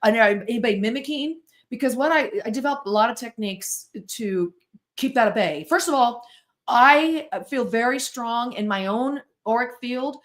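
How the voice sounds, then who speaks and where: An American woman in her sixties, a podcast guest who tells stories in an animated way and acts out the voices and sounds in them. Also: a little high, normal speed. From United States. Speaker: guest, spirit-board author and therapist. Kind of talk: storytelling in a podcast interview.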